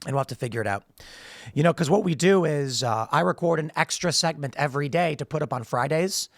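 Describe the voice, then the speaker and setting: A man's voice: a little high, fast, vocal fry, no echo, clean studio sound. A man hosting a political commentary show, talking emphatically while losing his voice, often repeating words as he starts sentences. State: losing his voice, strained throat. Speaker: show host.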